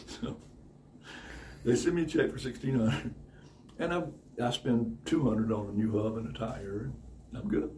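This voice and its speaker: A man telling casual stories in an animated, profane way, acting out other people. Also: measured pace, long pauses. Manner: animated, profane, acts out other people's voices with big pitch jumps and laughter. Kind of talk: casual anecdotal storytelling. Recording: slightly distant mic with faint room noise.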